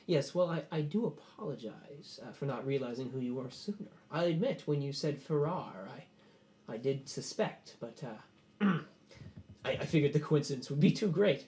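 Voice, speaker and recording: A man's voice: fairly high pitch, animated, moderate pace, a little mellow, lightly acted. Man voicing a fussy scheming noble host, polite and stammering, tabletop game. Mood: apologetic. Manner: stammering and overly courteous.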